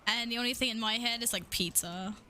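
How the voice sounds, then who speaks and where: A woman's voice: a little high, fairly quick, sharp tone. A young woman streaming a game, chatting casually with her viewers, playful, swearing freely and laughing often. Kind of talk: casual live-stream chat.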